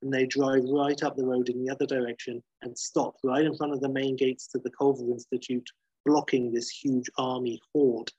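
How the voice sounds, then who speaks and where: A man tells a story in a husky, dry voice, casual and animated. He acts out the action with gusto and leaves in plenty of fillers. His voice sits at an ordinary pitch. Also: moderate pace, dry recording, muffled recording. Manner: lively, acts out scenes, fillers.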